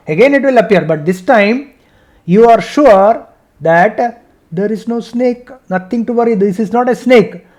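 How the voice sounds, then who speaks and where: A man teaching a scripture discussion over a video call, chanting Sanskrit verses and then explaining them slowly, often checking in with "right?". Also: very high-pitched. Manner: explains slowly, repeats points, asks "right?". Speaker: Gita teacher.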